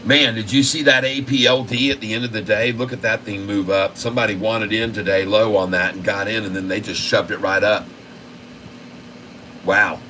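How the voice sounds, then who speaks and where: A man hosting a stock market livestream, giving casual, excited commentary and talking to his viewers as folks. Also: lowish voice, normal speed, slight background noise, rough recording.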